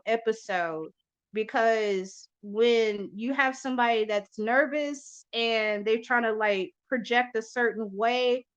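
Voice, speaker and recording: A woman hosting a podcast in loose casual chat, rambling and swearing freely with lots of fillers. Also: a little high. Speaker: podcast host. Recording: lo-fi muffled audio.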